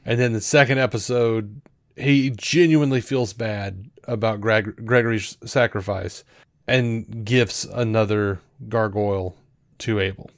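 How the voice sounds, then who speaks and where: A man's voice: lowish voice, measured pace, no echo. Rambling man on a podcast, dry sound. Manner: rambling, full of fillers and restarts; animated retelling that acts out quoted lines. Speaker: podcast co-host. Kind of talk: casual chat.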